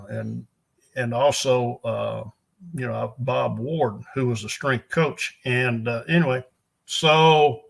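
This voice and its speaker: A man's voice: mid-range voice, creaky, fairly bright tone. An older man, a veteran strength coach, telling rambling folksy anecdotes with chuckles in an interview. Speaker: guest, NFL strength and conditioning coach. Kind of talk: storytelling interview.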